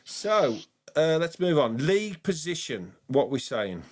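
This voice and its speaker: A man's voice: on the high side, sing-song, unhurried, darkish tone. A man with a Black Country accent hosting a fan phone-in show, chatty and enthusiastic with callers. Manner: chatty and enthusiastic, says mate a lot. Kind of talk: casual phone-in chat.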